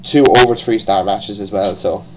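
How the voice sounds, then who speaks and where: A man's voice: lowish voice, steady tone, moderate pace, noisy background. A man with an Irish accent giving a casual, rambling review, full of restarts and the odd swear word. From born in England, raised partly in Ireland. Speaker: wrestling show reviewer.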